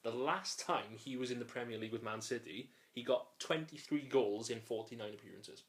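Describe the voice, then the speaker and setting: A British man chats casually as co-host of a football podcast. He is jokey and leads the segments, moving from team to team. His pitch sits in an average middle range. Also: brisk, fairly bright tone.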